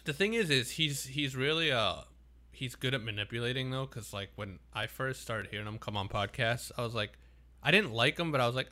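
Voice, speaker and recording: A man's voice: mid-range voice, brisk, pushed and bright. A man co-hosting a podcast in casual chat, rambling and swearing a lot. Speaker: podcast co-host.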